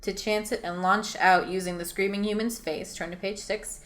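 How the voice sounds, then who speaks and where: A woman's voice: mid-range voice, fairly even intonation, moderate pace, a bit bright. A woman reading her own choose-your-own-adventure story aloud as host, racing through it and often laughing at her own lines.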